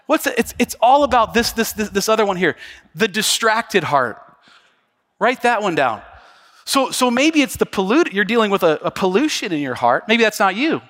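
A male pastor preaching from the pulpit, his voice high and bright. He talks to the congregation like friends, breaking into loud acted-out quotes and jokes before settling back into earnest teaching. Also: normal speed. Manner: animated, acts out quotes with big jumps in pitch and volume; conversational, jokes and asides to the congregation. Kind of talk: sermon. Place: church sanctuary.

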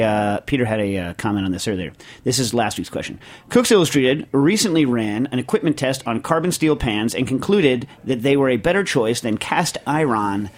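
A middle-aged man hosting a podcast, reading a listener question and rambling through his answer with jokes, fillers and restarts. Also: medium pitch. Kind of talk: casual chat.

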